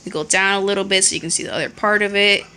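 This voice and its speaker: A woman's voice: mid-range voice, fairly even intonation, rapid-fire, pushed and bright, smooth. A woman teacher giving a recorded lesson on her phone, explaining step by step and checking in often. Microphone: phone held in hand.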